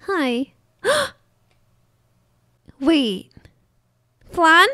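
A woman's voice: very high voice, extremely slow, dry recording. A woman streamer chatting casually and giggling while gaming with friends in a headset. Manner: giggly, excitable. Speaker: streamer host. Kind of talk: casual game chat.

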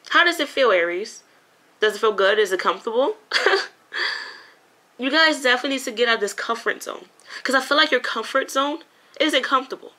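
A woman's voice: a little high, sharp tone. A woman giving a casual, emotional tarot reading to her viewers, chatty and informal, calling them honey and you guys. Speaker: tarot reader.

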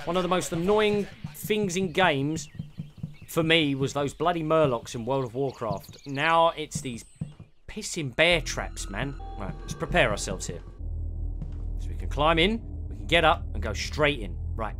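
A young man giving excitable let's play commentary, muttering one moment and shouting or laughing the next. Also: fairly high pitch, moderate pace, faint music behind. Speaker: gaming YouTuber.

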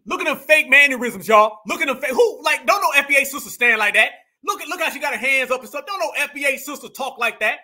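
High, bright-voiced heated male commentator. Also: expressive, fast talker, hardly any pauses. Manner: mocking, heated, repeats phrases. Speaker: online political commentator. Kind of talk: reaction commentary.

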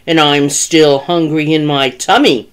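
A woman voicing a big, hungry male bear in a children's story, growling and booming her lines. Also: fairly even intonation, measured pace, smooth. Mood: grumbling.

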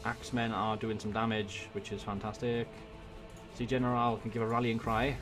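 A man from Wales with a Welsh accent, giving excitable let's-play commentary on a strategy game into a desk microphone, swearing and muttering to himself as he plays. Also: lowish voice, moderate pace, over music. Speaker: gaming YouTuber. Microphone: desk USB microphone.

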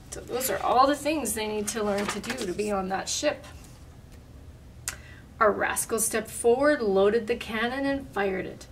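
A woman reading a picture book aloud in a lively, expressive way, adding little asides. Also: mid-range voice, unhurried. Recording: distant mic, faint room noise.

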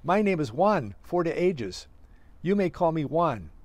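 A man reading aloud, voicing a blunt, jovial ship captain with a surprisingly high voice and a mixed foreign accent. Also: big pitch swings, takes it slowly, a little mellow, no room sound.

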